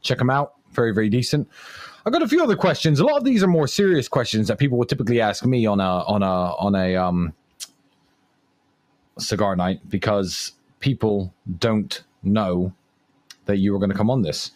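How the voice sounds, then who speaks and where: A man's voice: fairly low pitch, expressive, normal speed, a little mellow, no echo. A man in casual joking chat, with a teasing and playful manner. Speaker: guest.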